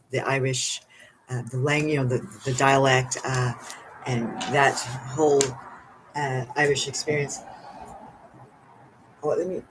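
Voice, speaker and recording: A spiritual card reader talks through an oracle card reading at home. The voice sits at a middling pitch, rambling and giggly, with many fillers. A faint hum runs underneath. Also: low-quality recording.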